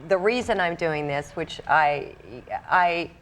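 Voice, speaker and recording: A woman guest co-hosting a talk show, speaking earnestly and haltingly about a hard personal topic. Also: on the low side, a bit bright. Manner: earnest, halting, searching for words.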